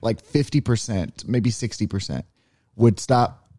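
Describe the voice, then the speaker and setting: A man's voice: lowish voice, unhurried, dark tone, no echo, clean studio sound. A man co-hosting a podcast in casual chat, rambling through explanations with lots of fillers. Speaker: podcast co-host.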